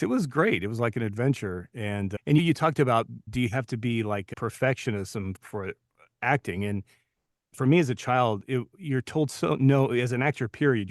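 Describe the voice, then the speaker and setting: Brief: male, 50s, podcast co-host, mid pitch, reflective storyteller, dry close mic. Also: dry recording. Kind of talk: casual podcast chat.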